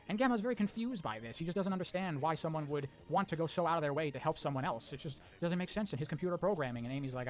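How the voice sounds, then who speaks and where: A man briskly recapping a game's story with blunt, sarcastic commentary and casual swearing. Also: a little high. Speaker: video essayist narrating a story recap.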